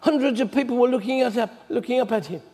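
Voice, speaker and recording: A man's voice: very high-pitched, fast talker. A man preaching a sermon, retelling scripture stories in a chatty storyteller manner. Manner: conversational storytelling, animated retelling. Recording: long hall reverb.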